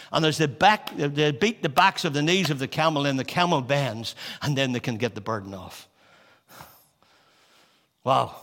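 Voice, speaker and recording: Impassioned preacher in a reverberant hall. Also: male voice. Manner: impassioned preaching, swelling louder and higher on scripture, then quiet and intimate. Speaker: pastor. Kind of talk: sermon. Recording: long reverb of a large hall.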